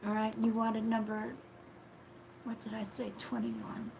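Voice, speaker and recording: Hosting a live psychic reading stream, a woman speaks softly and affectionately, calling viewers sweetheart, often apologizing and trailing off mid-thought. Her voice is a little high and a little slow, with a completely flat delivery. The noisy live-stream recording carries a clear hiss underneath.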